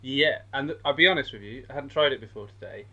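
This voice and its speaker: A man co-hosting a casual chat, walking his friends through a recipe at a relaxed pace. His voice is bright and sits in a middle pitch. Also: quick pace, dull audio. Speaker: podcast co-host.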